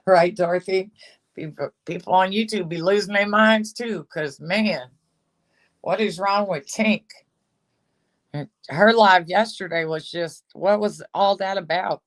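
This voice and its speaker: A gossipy livestream host who talks in a slow, drawn-out way and often trails off mid-sentence. The voice sits at a middle pitch and carries a dry, sarcastic edge. The host laughs often while reading and answering the chat. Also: fairly bright tone.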